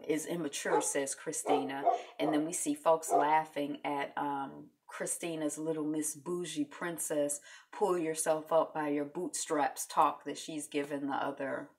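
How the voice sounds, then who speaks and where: Low gravelly-voiced woman vlogger. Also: a little slow, heavy background noise. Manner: chatty, animated, many fillers. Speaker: host recapping a reality show. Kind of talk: casual recap vlog.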